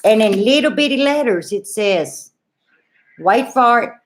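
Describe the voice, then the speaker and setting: A woman's voice: a little high, unhurried. Folksy Southern woman telling a story. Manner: folksy, animated, addresses viewers as y'all. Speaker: homestead vlogger. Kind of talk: casual storytelling to viewers.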